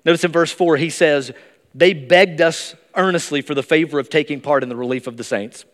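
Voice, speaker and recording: Male pastor, sermon delivery, fairly high voice, long church-hall reverb. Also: a little fast. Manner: emphatic, rises to high excited bursts. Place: church sanctuary.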